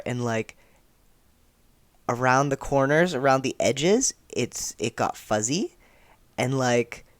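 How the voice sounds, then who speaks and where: A man's voice: medium pitch, dry recording. A young man reading a comic aloud and chatting his reactions, laughing often. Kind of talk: casual read-along reaction.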